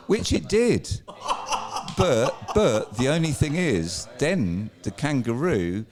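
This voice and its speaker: Rambling lively-voiced man telling stories. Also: mid-range voice, slow pace. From England. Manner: rambling, swearing, laughs while telling stories. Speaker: guest. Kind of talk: casual bar chat, storytelling.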